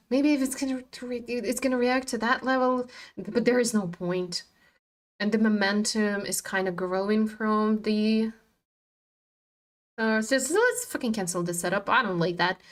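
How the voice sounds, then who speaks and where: On her trading livestream, a woman speaks in a medium-pitched, fairly bright voice. She chats casually with viewers, openly and profanely saying she's tired.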